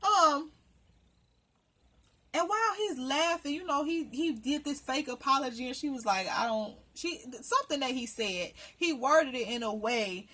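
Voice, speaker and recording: A woman's voice: high-pitched, expressive, a little slow, a bit bright. A woman recapping a reality TV episode in casual commentary, blunt, profane and indignant. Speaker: reality TV reviewer.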